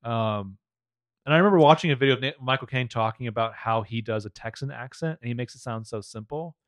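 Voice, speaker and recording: A man's voice: mid-range voice, fast talker, no room sound. A man co-hosting a podcast, recapping a TV episode in rambling casual chat. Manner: animated, rambling. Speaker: podcast co-host recapping a TV show.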